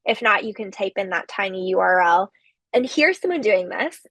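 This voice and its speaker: A woman giving a recorded literature lecture, explaining slowly with occasional fillers. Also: mid-range voice, expressive, a bit bright, no echo.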